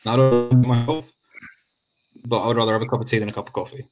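A man's voice: mid-range voice, steady tone, fast talker, over loud music. A man, rambling with mock seriousness and swearing freely in a casual podcast chat.

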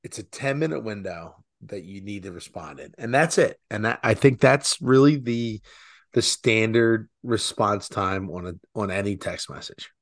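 A man's voice: on the low side, animated, moderate pace, no echo, studio quality. A man co-hosting a podcast in casual chat, rambling with lots of filler words. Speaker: podcast co-host.

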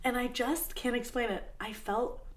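Bubbly, teasing young woman with a higher voice. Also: fairly even intonation, moderate pace. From Armenian heritage. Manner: bubbly, teasing, laughs often. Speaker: podcast co-host. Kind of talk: casual chat.

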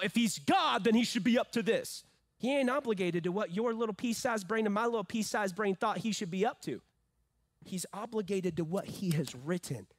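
High-voiced, emphatic male preacher. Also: breathy edge, no room sound. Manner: emphatic, swings from loud peaks to hushed low phrases, joking asides. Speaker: pastor. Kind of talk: sermon.

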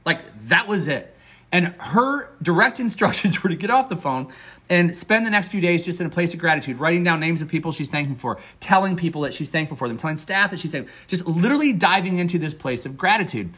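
A man's voice: fairly high pitch, animated, quick pace, sharp tone, breathy edge. A man hosting a motivational podcast as a success coach, talking in an upbeat, earnest, conversational way with fillers and restarts.

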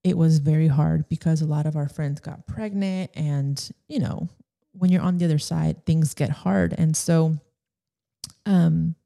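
A young woman talks through her own podcast on her own, rambling and emotional, often stopping to find her thread. Her voice sits a little low, with a soft, dark tone and plenty of gravelly fry. She speaks openly and casually to her listeners. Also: fairly even intonation, a little slow. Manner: rambling, emotional, laughs often, loses her train of thought. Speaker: podcast host. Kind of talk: solo podcast chat.

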